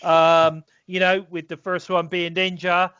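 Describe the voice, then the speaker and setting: A man's voice: high voice, completely flat delivery, measured pace, bright, forceful tone, smooth, no room sound. A British man co-hosting a casual wrestling review podcast, rambling with many fillers and restarts. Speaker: podcast co-host. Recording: dull, slightly lo-fi dry sound.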